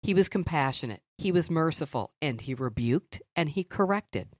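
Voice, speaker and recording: Woman, low voice, lively up-and-down delivery, earnest storyteller, dry close sound. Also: normal speed, no room sound. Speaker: podcast co-host. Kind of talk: faith-based conversational teaching.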